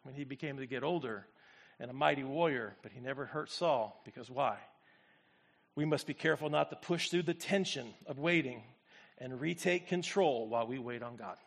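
A man preaching a sermon as pastor, swinging from quiet, low reflection to loud, fervent exclamation and calling on the congregation to respond. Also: normal speed, gravelly, slightly rough. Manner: speaks to the congregation directly, asks for responses.

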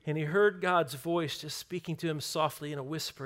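Guy preaching, kinda high voice, chatty and punchy. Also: fairly quick, few pauses, a bit bright. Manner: conversational, jokey, emphatic. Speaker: pastor. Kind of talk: sermon.

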